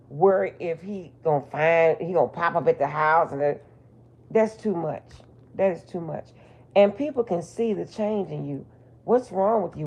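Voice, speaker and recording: A woman's voice: on the low side, vocal fry, a little mellow, lo-fi sound, slight background noise. A middle-aged woman, a spiritual reader, telling a personal story in a blunt, emphatic, profane way. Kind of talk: casual storytelling monologue.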